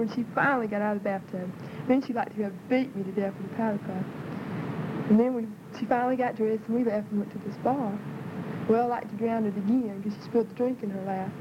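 A woman with a Southern US accent voicing a rambling male flea telling of a rough trip. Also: fairly high pitch, lightly acted. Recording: muffled, loud vehicle noise.

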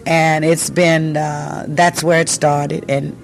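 A woman's voice: deep voice, slow, gravelly, slight background noise. Older woman telling her story. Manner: animated storyteller who acts out quoted voices. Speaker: interviewee, singer. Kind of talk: casual storytelling.

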